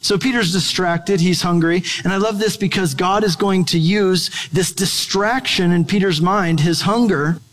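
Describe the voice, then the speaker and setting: A man's voice: sits high, normal speed, hardly any pauses, a bit bright. A man preaching a sermon in a conversational, playful way. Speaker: pastor. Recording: long hall reverb.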